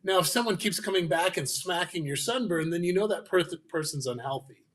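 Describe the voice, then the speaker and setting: A man with a fairly high voice explains his ideas as a guest on a faith-based talk show. He tells his examples in a lively way and acts out the voices of the people he quotes. His voice sounds a little distant from the mic. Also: a little fast. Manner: animated storyteller, acting out quoted voices. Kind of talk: conversational explanation.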